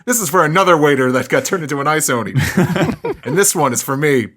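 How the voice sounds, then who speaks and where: A man doing a rapid, furious little reindeer. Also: on the high side, lively intonation, fairly bright tone, pitched above the performer's own voice. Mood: vengeful glee. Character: small furious reindeer doctor, male.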